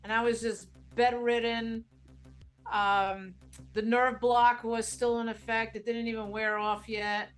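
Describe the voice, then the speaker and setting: A woman's voice: on the high side, little pitch movement, measured pace, smooth, soft background music. A woman speaking sincerely and gratefully as a guest on a casual live stream. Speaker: host's girlfriend, guest.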